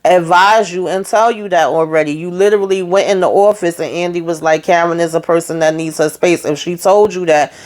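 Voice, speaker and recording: A woman's voice: lowish voice, a little fast, few pauses, a little mellow. A woman hosting a casual TV episode recap, retelling scenes through quoted dialogue in a blunt, opinionated way. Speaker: TV show recap host.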